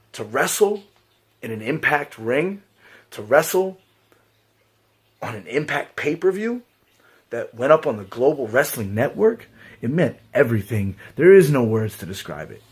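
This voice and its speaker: A man's voice: medium pitch, slightly rough. A man in his twenties, a pro wrestler, giving an earnest, emphatic testimonial. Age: 20s. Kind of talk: heartfelt testimonial.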